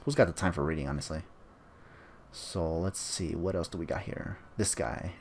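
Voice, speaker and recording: Low-voiced man rambling over gameplay. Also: moderate pace, darkish tone, a little hiss or hum. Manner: offhand, rambling, joking asides. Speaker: gameplay commentator. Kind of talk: casual let's-play commentary.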